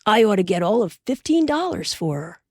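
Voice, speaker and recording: A woman reading an audiobook voices Pa, a cheerful, steady frontier father who talks in a hearty, reassuring way. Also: mid-range voice, brisk, no room sound, studio quality.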